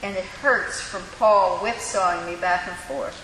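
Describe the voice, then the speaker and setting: A woman preaching a sermon in a church, telling the story with lively, acted-out voices. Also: lowish voice, measured pace. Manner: animated storytelling, acting out voices. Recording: echoey hall with faint hiss.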